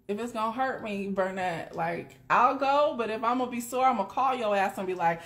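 Speaking fairly quickly with few pauses, this woman has a fairly high, slightly bright voice. She's a doula running a casual live stream, chatting directly with viewers in a blunt, profanity-heavy way and laughing frequently.

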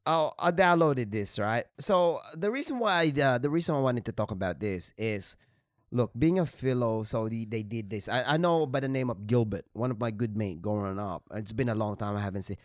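A man hosting a casual podcast chat, rambling with many fillers and restarts as he slowly explains words through examples. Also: medium pitch, lively intonation, no echo, clean studio sound. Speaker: podcast host.

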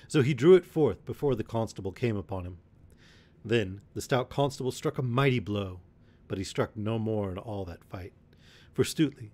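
A man reading a classic adventure tale aloud as a bedtime story, in a measured, expressive way. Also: fairly low pitch.

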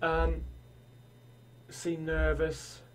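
A man streaming a horror game from home, excitable and swearing a lot as he reacts. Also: on the high side, very slow. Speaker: gaming streamer. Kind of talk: horror let's-play commentary.

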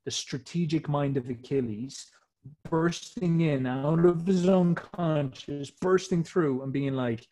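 A man's voice: on the high side, slow, dark tone. A man talking casually and emphatically, explaining old myths in slangy, swearing speech.

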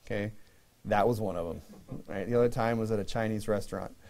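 A pastor preaching a sermon in a conversational way, mixing scripture reading with humorous personal stories. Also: male voice, fairly low pitch, fast talker, a little mellow.

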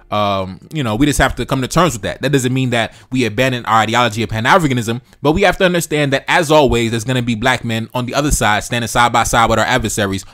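A man reading a news article aloud and reacting to it with animated, profane commentary. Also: lowish voice. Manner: animated, profane, acts out quoted voices. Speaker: political commentator.

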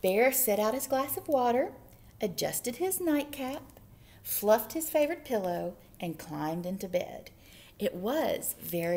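A children's librarian at storytime, reading a picture book aloud in a playful, very animated voice. She speaks slowly, and her voice has a light gravelly edge. She stops for asides to the little ones. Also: mid-range voice, a little hiss or hum.

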